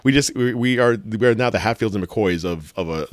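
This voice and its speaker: A man talking in a rambling, animated way on a casual podcast, often restarting his sentences and swearing casually. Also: lowish voice, brisk, no room sound. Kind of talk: casual chat.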